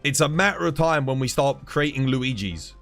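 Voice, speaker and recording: A man's voice: medium pitch, lively intonation, normal speed, fairly bright tone, faint music behind. A British man streaming live, ranting in a heated, casual way, swearing often and calling his listeners "dude". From United Kingdom. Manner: heated, swears a lot, keeps saying "dude".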